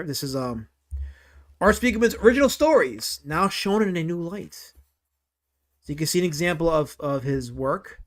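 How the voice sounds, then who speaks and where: A man hosting a casual livestream, rambling through comic commentary and reacting to chat with frequent exclamations and swearing. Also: on the high side. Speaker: livestream host.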